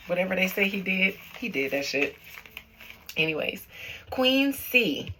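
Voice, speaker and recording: A young woman hosts a tarot and astrology channel, chatting with her viewers like friends and greeting them one by one. Her voice is bright and forward, with a gravelly fry running through it. She takes her time, talking slowly and easily. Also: medium pitch. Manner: chatty, affectionate, calls viewers boo and y'all. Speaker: tarot reader and channel host. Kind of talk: casual chat to viewers, reading out comments.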